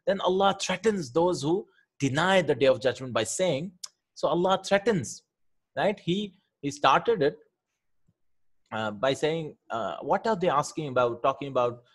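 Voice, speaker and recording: Husky-voiced man teaching Arabic grammar. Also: fairly high pitch, animated, measured pace. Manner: explains patiently, often asks "right?", repeats words. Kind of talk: Quranic Arabic grammar lesson.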